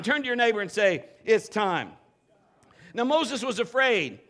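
A man pastor preaching a lively live sermon, urging his congregation to join in. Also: extremely high pitch, brisk. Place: church sanctuary with a congregation.

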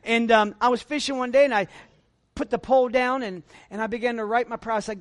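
Animated, dry-sounding middle-aged male pastor preaching. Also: very high-pitched, fast talker, dry recording. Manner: animated preaching with big swings between quiet asides and loud emphatic lines; self-deprecating humor, chatty asides to the congregation. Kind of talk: sermon.

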